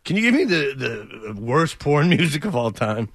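A man hosting a sports radio show, bantering in an animated, incredulous and mocking way. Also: mid-range voice, normal speed, no echo, clean studio sound.

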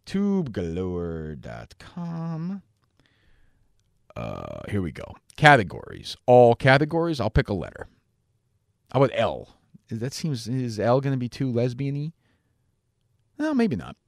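A man's voice: mid-range voice, wildly swooping pitch, moderate pace, vocal fry, pauses often, no room sound, clean studio sound. A man hosting a radio talk show, answering listener questions in a rambling, blunt and sometimes profane way. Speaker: radio host.

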